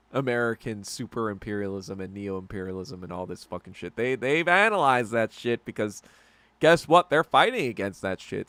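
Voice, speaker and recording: A man's voice: medium pitch, pushed and bright, no room sound. A man hosting a podcast livestream, ranting in casual, profane commentary that wanders between topics. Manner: profane, rambling and heated. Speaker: podcast host.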